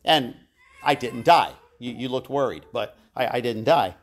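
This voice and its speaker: A man's voice: medium pitch, unhurried. A middle-aged man teaching a live church Bible class, telling personal stories in a chatty, self-deprecating way with asides to his listeners.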